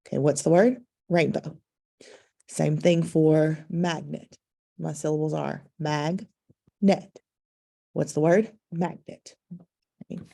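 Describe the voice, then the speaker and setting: A woman's voice: low-pitched, creaky, mellow. A woman teacher explaining to parents, patient and instructive, with frequent ums. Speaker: second-grade teacher.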